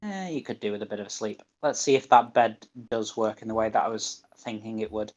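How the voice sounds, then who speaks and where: A man's voice: fairly low pitch, fairly quick, dull audio. A man with a Northern English accent giving live gameplay commentary, muttering to himself and reading game menu options aloud. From northern England. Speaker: gaming streamer.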